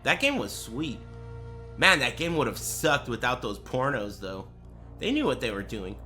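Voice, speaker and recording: A man's voice: mid-range voice, big pitch swings, normal speed, sharp tone, soft background music. A man streaming live, chatting casually with crude, joking, rambling banter. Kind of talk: casual livestream chat.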